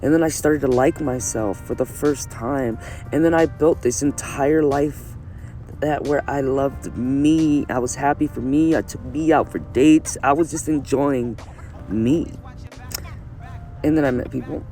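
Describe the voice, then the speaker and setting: A man's voice: medium pitch, unhurried, warm tone, soft background music. A man giving a candid, emphatic personal monologue to camera, repeating phrases and swearing freely. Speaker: vlogger.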